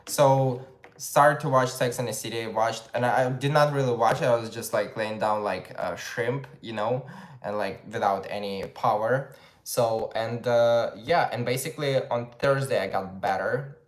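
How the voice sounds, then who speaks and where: A man's voice: medium pitch, normal speed. A young man with a Russian accent, chatting on a livestream and telling a story while acting out what people said. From Ukraine. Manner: chatty storytelling, acts out quotes, says "holy moly". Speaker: livestream host. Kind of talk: casual live chat. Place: home, at a dining table. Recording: roomy echo.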